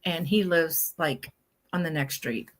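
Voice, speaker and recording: A woman co-hosting a casual chat, telling lively stories and acting out the voices of the people in them. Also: low-pitched, a little slow. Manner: animated storyteller, acts out quoted voices. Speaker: co-host.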